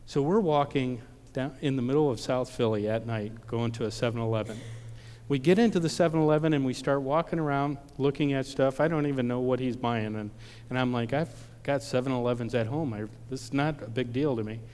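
A man's voice: mid-range voice, brisk, darkish tone, slight background noise. A preacher from Ohio telling a personal story in a sermon, acting out the voices of the people in it and often repeating his words. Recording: long reverb of a large hall.

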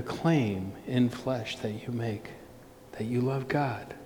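Middle-aged male pastor, unhurried heartfelt storyteller, church reverb. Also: medium pitch, darkish tone. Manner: slow, earnest storytelling with restarts. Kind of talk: sermon with personal story. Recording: long reverb, faint noise.

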